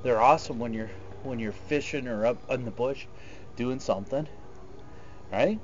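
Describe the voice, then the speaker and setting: A man's voice: mid-range voice, normal speed. Rambling middle-aged man in a chat. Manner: rambling, storytelling. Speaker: host's father. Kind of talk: casual chat. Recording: dull lo-fi sound with faint background noise.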